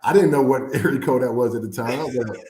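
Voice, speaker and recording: A man from the American Midwest telling a story in an interview, animated and laughing often as he acts out quotes. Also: medium pitch, quick pace. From Fort Wayne, Indiana. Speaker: former NFL player, guest. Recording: echoey room.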